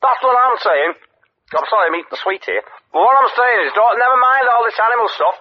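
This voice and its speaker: A pushy Scouse caller, put on by a man, insistent and impatient, lecturing a radio host over a phone line. His voice sits high and carries strain. The line sounds dull and muffled. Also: quick pace, a little hiss or hum. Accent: Liverpool. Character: blunt male socialist caller, pushy and impatient.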